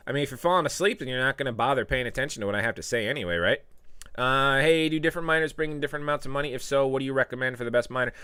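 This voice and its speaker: A man hosting a casual live stream, reading viewer comments aloud and giving tips, with sudden loud playful outbursts. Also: mid-range voice, quick pace, clean tone, no room sound, studio quality. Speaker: live stream host answering chat.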